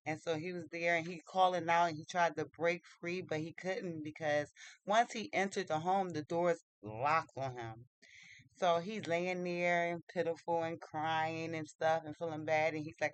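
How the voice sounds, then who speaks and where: A casual storyteller retelling a tale in a mid-pitched voice, halting often and restarting sentences. The grammar is loose and informal. The sound is close and dry. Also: fairly even intonation, no room sound, poor audio. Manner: halting, many fillers and restarts.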